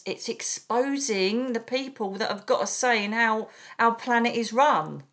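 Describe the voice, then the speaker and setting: A middle-aged British woman, a psychic medium, talking in an animated, chatty way as an interview guest and calling people darling. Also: mid-range voice, a little slow, few pauses. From United Kingdom. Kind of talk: casual interview chat.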